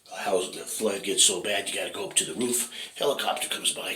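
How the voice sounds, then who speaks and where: A man rambling casually on a vlog, swearing freely and tacking "right?" onto his points. His voice is sharp and forceful but sits low. An echoey room carries faint noise behind him. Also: brisk, few pauses. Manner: rambling, profane, keeps asking "right?". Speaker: fitness vlogger.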